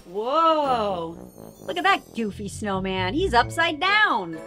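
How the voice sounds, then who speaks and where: A woman hosting a toddler show, gentle and sing-song with exaggerated wonder, talking to a cartoon snowman. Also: a little high, very animated, slow pace. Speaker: children's show host. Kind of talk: children's show presenting. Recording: music under voice.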